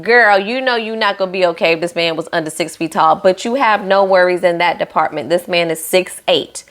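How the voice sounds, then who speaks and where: A woman's voice: on the low side, fairly quick, hardly any pauses. A woman recapping a reality show in a chatty, sassy way, with playful asides to her viewers.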